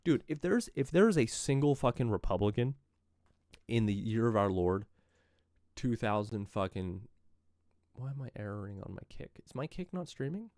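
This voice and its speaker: A man's voice: mid-range voice, very animated, moderate pace, darkish tone, no echo. Guy streaming live, reads the news then goes off swearing, voice jumps all over, dry close sound. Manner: profane, mocking rants between read news items. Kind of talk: live-stream political commentary.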